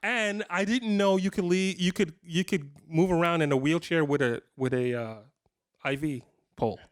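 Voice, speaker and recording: Fifties male guitarist with a slightly high voice, easygoing and jokey, telling stories live to a clinic crowd. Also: normal speed. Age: 50s. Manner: animated, jokey anecdotes with frequent laughs. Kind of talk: casual storytelling to a live audience.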